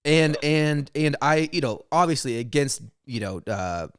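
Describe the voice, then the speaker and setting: A man's voice: a little high, lively intonation, unhurried, clean tone. A young man, a stand-up comedian and podcast co-host, in casual chat, often laughing as he retells his own jokes.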